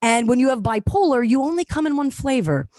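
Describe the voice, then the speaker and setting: Lively woman comedian. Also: sits high, a little fast, no echo, studio quality. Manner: energetic, jokey, acts out quoted voices. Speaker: comedian and webinar speaker. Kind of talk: stand-up style talk on mental health.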